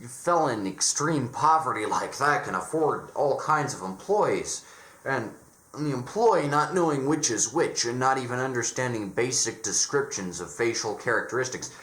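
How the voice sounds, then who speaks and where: A man talks through a casual, opinionated review with plenty of sarcasm. His pitch bounces around expressively, and he keeps stammering and restarting phrases. The sound carries the echo of a bare room. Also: expressive, normal speed, a bit bright. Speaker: horror reviewer.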